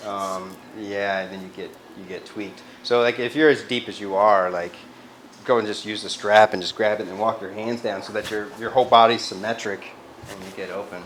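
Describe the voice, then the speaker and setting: A man's voice: lowish voice, fairly even intonation, normal speed, a bit bright. A man teaching a live yoga class, giving cues in a casual, loose way and swearing freely. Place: yoga studio. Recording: echoey studio, faint ambient noise.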